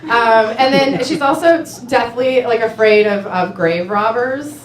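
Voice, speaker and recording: A woman's voice: on the high side, unhurried. A young woman doing a stand-up comedy set, chatty and self-mocking, filling her talk with "like" and laughing at her own jokes. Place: small club stage with audience. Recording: echoey club with crowd noise. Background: audience laughter and chatter.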